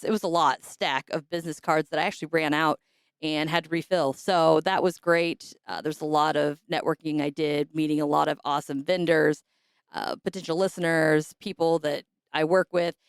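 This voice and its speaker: A woman hosting a podcast who is hoarse and raspy, chatting casually and rambling with fillers. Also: low-pitched, steady tone, normal speed, no echo, studio quality. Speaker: podcast host.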